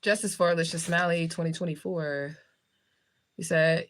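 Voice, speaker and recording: Speaking at a normal speed, her voice sits low and keeps a steady tone. The woman, a spiritual reader from the United States, hosts a livestream where she casually answers viewer comments, bluntly joking, swearing heavily and laughing often.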